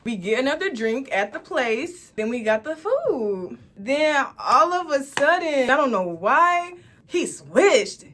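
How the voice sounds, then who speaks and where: A young woman from Dallas tells a dating story straight to her viewers in a casual vlog. She sits a little higher in pitch than most women and puts lively drama into every line. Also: slow. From Dallas, Texas, USA. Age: 20s. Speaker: storytime vlogger.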